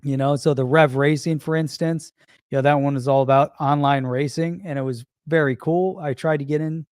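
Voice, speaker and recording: A man's voice: fairly high pitch, fairly even intonation, fairly quick, a little mellow, no room sound, studio quality. A man co-hosting a casual livestream chat, conversational and full of fillers. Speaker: co-host.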